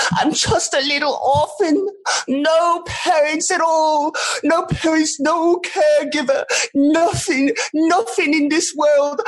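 A woman's voice: extremely high pitch, voice pushed up. A woman voicing a desperate little orphan boy who wails and begs through tears. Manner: sobbing, shouting, drawn-out pleading.

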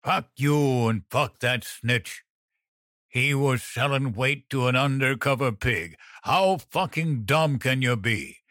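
A man's voice: mid-range voice, slow, fairly bright tone, dry recording, clean studio sound. A man voicing a brutal, threatening male crime boss who roars and growls. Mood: menacing.

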